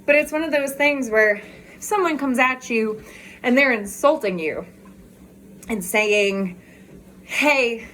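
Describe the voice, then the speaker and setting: A woman's voice: fairly high pitch, unhurried, pauses often, a bit bright, slight background noise. A woman vlogger chatting candidly in a casual walk-and-talk video, talking outdoors as she walks.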